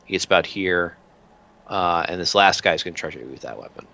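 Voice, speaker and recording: A man narrating a tabletop game as game master, relaxed and full of filler sounds. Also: low-pitched, a little fast, gravelly, muffled recording.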